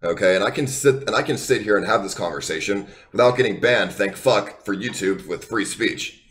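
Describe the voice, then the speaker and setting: A man's voice: on the low side, fairly quick, fairly bright tone. A young man streaming live, ranting to his viewers in a heated, defensive way, swearing a lot and rambling with many restarts. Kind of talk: unscripted rant to viewers.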